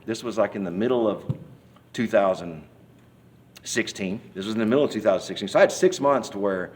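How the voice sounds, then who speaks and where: A man's voice: lowish voice, a little fast. A man giving a personal testimony in an interview, telling his story in a folksy, rambling way and acting out the scenes as he goes. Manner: animated storyteller, acts out scenes and hollers quoted cries; folksy, rambling speech with many restarts. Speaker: church member giving testimony.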